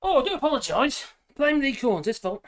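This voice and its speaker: A man's voice: very high voice, sing-song, a little fast. Rambling, chuckling man. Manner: rambling, laughs often, trails off mid-sentence. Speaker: live-stream host. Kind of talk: casual live-stream chat.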